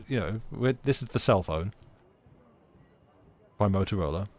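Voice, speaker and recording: A man's voice: on the low side, lively intonation, a little slow, pauses often, a little mellow. A young British man streaming a game, chatting sarcastically and reading game text aloud. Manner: sarcastic, rambling, laughs often.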